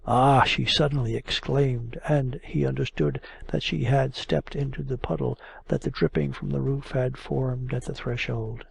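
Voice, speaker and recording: This is a man narrating classic literature as an audiobook, measured yet expressive. His mid-range voice carries a heavy gravel and huskiness, and the recording has no room sound.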